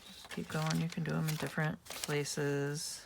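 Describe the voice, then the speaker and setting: A woman with a low, gravelly voice talks through a craft tutorial at home in an easygoing, chatty way. She thinks out loud as she works, and a faint noise sits under her voice. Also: little pitch movement, unhurried. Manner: chatty, thinks aloud while working. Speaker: craft channel host.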